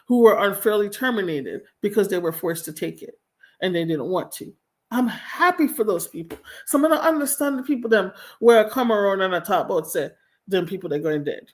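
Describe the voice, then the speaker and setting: Blunt, exasperated woman streamer. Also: medium pitch. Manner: blunt, exasperated, swears freely. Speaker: livestream host. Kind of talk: casual commentary reading chat. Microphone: home streaming mic.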